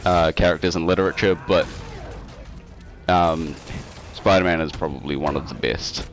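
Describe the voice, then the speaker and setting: A man's voice: low voice, normal speed, soft background music. A man co-hosting a casual online show, talking through a story in a rambling way, full of fillers and restarts, over an online call. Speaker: co-host. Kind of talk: casual podcast chat over a game stream. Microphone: home mic over an online call.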